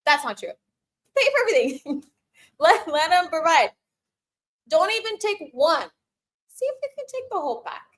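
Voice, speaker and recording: Giggly high-voiced woman hosting a live chat. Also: sing-song, normal speed, pauses often, fairly bright tone. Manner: giggly, laughs often between phrases; playful and teasing with the chat. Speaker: host of a live Q&A stream. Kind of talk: casual live-stream advice chat.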